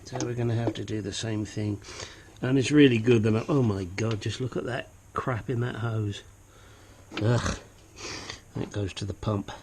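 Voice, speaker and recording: A man's voice: lowish voice, steady tone, moderate pace, darkish tone, a little hiss or hum. A man working as a mechanic, talking through a car repair while he works, muttering and grunting as he struggles with parts. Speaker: auto mechanic. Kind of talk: hands-on car repair tutorial.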